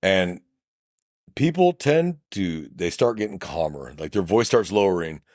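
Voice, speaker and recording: A middle-aged man from South Texas with a Texan accent, a police officer co-hosting a casual podcast chat, blunt and animated, acting out quoted dialogue. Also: low voice, unhurried, no echo, studio quality. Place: podcast studio.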